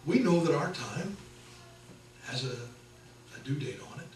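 A middle-aged man preaching a sermon as pastor, conversational and animated, acting out the people in his stories. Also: on the high side, measured pace, heavy background noise. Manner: conversational, animated storytelling with acted quotes. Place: church sanctuary. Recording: echoey church from a distance.

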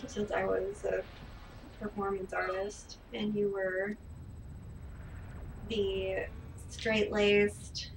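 A woman's voice: medium pitch, monotone, extremely slow, creaky, long pauses. A woman chatting casually while her husband plays a video game, playful and giggly, giving tips from the side. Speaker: streamer and co-host. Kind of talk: casual chat while watching gameplay. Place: home living room. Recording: distant room mic with background noise.

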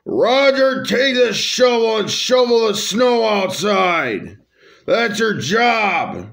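A man's voice: high-pitched, animated, takes it slowly, gravelly, a bit bright, voice pushed up, heavily acted. A bossy king who barks out orders in a raised, emphatic voice, played by a man reading his own story. Every line is a command.

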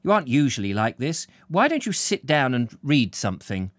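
A man voicing an irritable, fussy middle-aged housewife in a read-aloud novel, with a sharp, querulous tone. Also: medium pitch, very animated, normal speed, no room sound, pitched above the performer's own voice. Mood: irritated.

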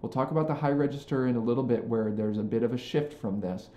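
Male music teacher, earnest, mellow tone, echoey room. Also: medium pitch, fast talker. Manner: earnest, frequent "okay?" and "right?" check-ins. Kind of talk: instructional talk to band directors. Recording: roomy echo.

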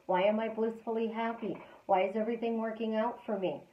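A woman hosting a live stream as a life coach, talking casually and repeating calm affirmations in a chatty, storytelling way. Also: fairly high pitch, a little fast, roomy sound, dull audio, a little hiss or hum.

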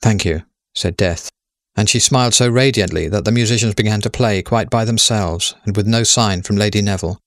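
A man narrating a story in a measured, steady way. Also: on the low side, no room sound, clean studio sound.

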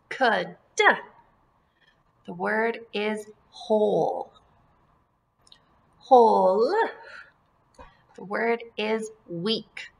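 Teacher lady doing phonics for little kids, super bright voice, slow and stretched out words. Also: medium pitch. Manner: slow, drawn-out word modeling, sing-song repetitions; encouraging, addresses children as friends and folks. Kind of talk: remote phonics lesson for young children.

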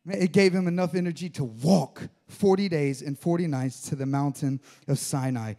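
Male pastor preaching, kinda high voice, jokey and animated, church sermon. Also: moderate pace. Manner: animated, joking with the congregation.

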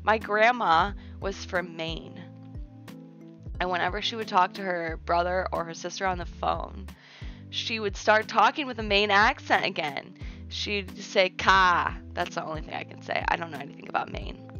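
A woman's voice: lowish voice, moderate pace, fairly bright tone. A woman from the United States chatting casually on a live stream, rambling and reading viewer messages aloud, full of "like" and "um.". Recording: dull lo-fi stream audio with faint music. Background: faint background music.

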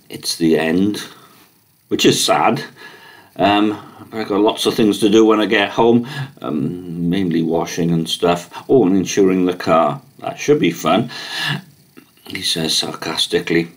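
A man's voice: deep voice, measured pace. A man chatting casually in a rambling, chatty vlog, with many fillers. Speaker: vlogger.

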